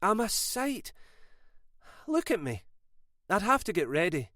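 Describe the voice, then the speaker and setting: A woman's voice: mid-range voice, big pitch swings, measured pace, a bit bright, no echo, studio quality, pitched above the performer's own voice. A man voicing a fragile, frightened young wife who pleads and panics. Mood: fretful.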